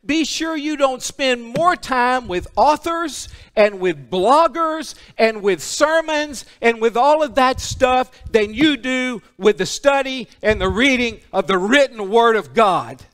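A man preaching a sermon, alternating emphatic declarations with hushed, intimate passages. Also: very high voice, expressive, slow pace, hardly any pauses, smooth. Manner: emphatic, drops to a hushed intimate voice for solemn points.

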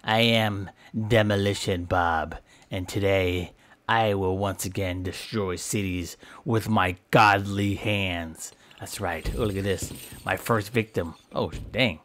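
A man's voice: sits low, fairly even intonation, takes it slowly, fairly bright tone. A man giving goofy in-character game commentary, playful and melodramatic, boasting and groaning in mock pain. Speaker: gameplay commentator.

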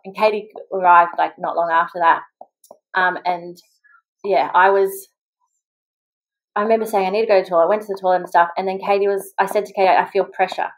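Fast-talking Australian woman telling a story. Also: medium pitch, steady tone, low-quality recording. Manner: chatty, quick, full of "like" and acted-out quotes. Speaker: podcast guest, mother. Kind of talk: casual storytelling in an interview.

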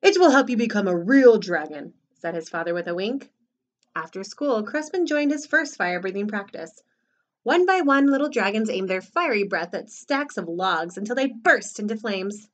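Expressive woman reading to preschoolers. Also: mid-range voice, moderate pace. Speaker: preschool teacher. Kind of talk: storybook read-aloud for children.

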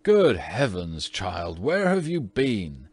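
A man's voice: lowish voice, wildly swooping pitch, takes it slowly, darkish tone, breathy edge, heavily acted. A man voicing a stern, worried father who scolds his daughter rather angrily, in a storybook reading. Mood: angry. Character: stern middle-aged father, cross and worried.

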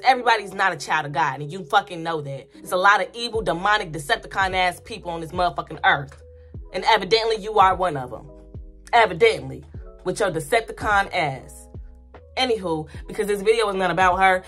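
A woman's voice: fairly low pitch, a bit bright. A woman vlogger giving spiritual commentary in a blunt, profane, emphatic rant that repeats points over and over. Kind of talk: ranting casual commentary.

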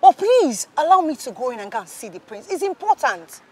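A woman's voice: sits high, very animated, fairly quick. A Nigerian actress playing a humble young woman pleading to be let in. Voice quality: begging, soft.

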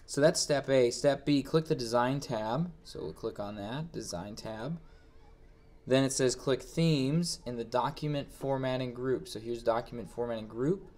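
Narrating a screen-recorded software tutorial, an instructor with an ordinary mid-pitched voice reads out each step and then plainly talks it through, thinking aloud along the way. He keeps a moderate pace.

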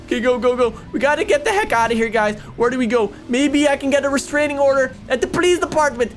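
A man hosting a let's-play gaming video, narrating with excitable, panicky yelps and jokes. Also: very high voice, quick pace. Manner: excitable, panicky yelping and joking.

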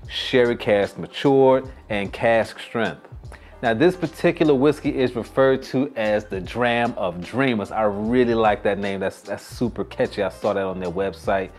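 Man, whiskey vlog host, chatty, joking asides, mid-pitched voice, faint music underneath. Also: darkish tone. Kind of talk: casual whiskey review vlog.

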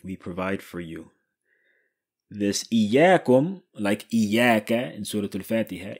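Husky low-voiced man teaching grammar. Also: animated. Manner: asks questions and answers himself, repeats key phrases slowly. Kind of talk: explanatory lesson.

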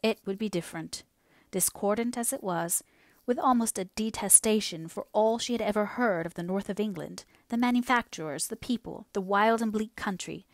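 A woman narrating a classic novel as an audiobook reader, steady and expressive. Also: mid-range voice, no echo, studio quality.

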